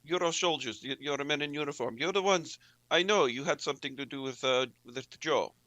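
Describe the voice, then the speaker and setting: A man's voice: fairly high pitch, fairly quick, sharp tone, no echo, dull audio, voice pushed up. A man voicing a vengeful nun who is a spy and a cold brawler, speaking in an accusing, righteous way.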